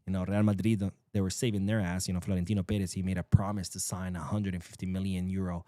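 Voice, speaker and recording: A man's voice: low voice, little pitch movement, fast talker, warm tone, no room sound. A man hosting a solo football news show, talking casually and sarcastically, swearing and acting out quotes. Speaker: football podcast host.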